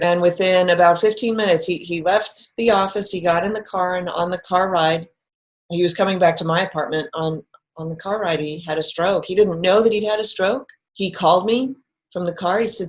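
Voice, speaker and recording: Lower-pitched woman telling a story. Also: moderate pace. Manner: animated, acts out quoted lines. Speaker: guest telling a personal story. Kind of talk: conversational storytelling.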